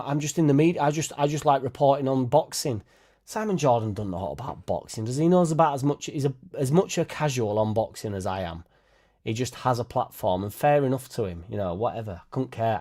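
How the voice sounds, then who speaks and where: A blunt, sweary man, ranting casually to camera. His pitch sits in a middling range, and he keeps slipping into mocking impressions of other people. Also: a little mellow. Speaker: football fan channel host.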